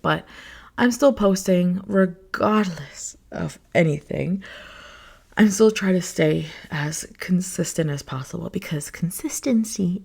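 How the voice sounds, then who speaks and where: Gravelly-voiced young woman podcaster. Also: fairly low pitch, a little mellow. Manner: rambling and candid, heavy on fillers. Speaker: podcast host. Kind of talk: casual solo podcast chat.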